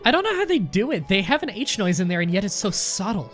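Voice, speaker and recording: A woman's voice: medium pitch, big pitch swings, fast talker, faint music behind. A woman streaming a game and chatting casually, rambling, swearing and laughing often. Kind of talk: casual gaming stream chat.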